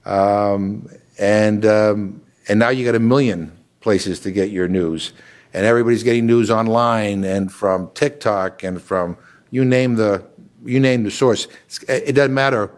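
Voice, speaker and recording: An older man, a congressman, talking casually with frequent restarts and fillers, growing animated as he tells a story. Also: fairly low pitch, unhurried. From Massachusetts. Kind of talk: casual conversational talk.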